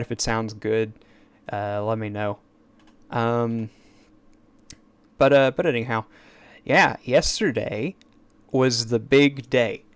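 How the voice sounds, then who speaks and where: A man's voice: medium pitch, clear, resonant tone, no room sound. A man chatting on a casual live stream at his desk mic, rambling and eager, with stammered restarts and asides. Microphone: desk microphone.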